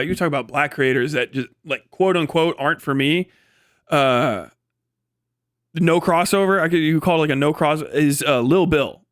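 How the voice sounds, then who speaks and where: A man streaming live in a loose, rambling way, swearing freely and breaking into laughter. His voice sits a bit high for a man and sounds dry and close to the mic, with no room around it. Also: a bit bright, no room sound. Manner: rambling, profane, laughs often. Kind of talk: casual livestream commentary.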